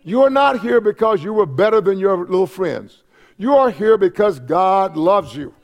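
A man preaching in a church with a high, gravelly voice. He swings between emphatic, ringing declarations and quiet, hushed asides, stressing key phrases and repeating them for effect. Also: animated, moderate pace. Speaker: pastor. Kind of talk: sermon.

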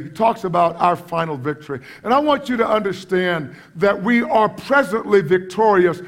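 High-voiced man preaching with fervor. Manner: impassioned, swinging from quiet asides to loud exclamations. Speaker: pastor. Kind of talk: sermon.

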